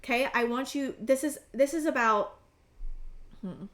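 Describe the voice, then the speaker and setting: A woman's voice: high voice, measured pace, fairly bright tone. A woman in her thirties giving a pick-a-card tarot reading, rambling and emphatic, swearing freely and talking straight to the viewer. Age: 30s. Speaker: tarot reader.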